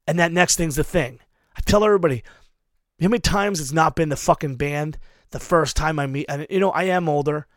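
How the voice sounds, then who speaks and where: A man's voice: fairly high pitch, a little fast, no echo, clean studio sound. Emphatic swearing man, heavy cursing. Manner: emphatic, heavy swearing, drives points hard. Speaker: hardcore show booker. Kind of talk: profane advice rant.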